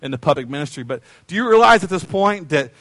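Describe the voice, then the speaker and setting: A man's voice: a little high, animated, quick pace, a bit bright, no echo. A man preaching a sermon as a pastor, conversational and playful, often repeating his phrases.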